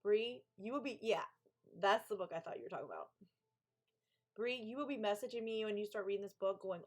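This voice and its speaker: A woman in the middle of her usual pitch range hosts a casual live stream, easy and chatty. She gushes freely and answers her viewers aloud as she talks. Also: animated, brisk. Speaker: author hosting a co-working stream.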